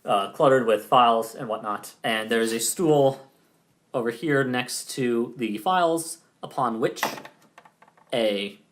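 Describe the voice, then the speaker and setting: A man's voice: mid-range voice, takes it slowly. A man running a tabletop game as game master, narrating in a loose, chatty way with laughing asides.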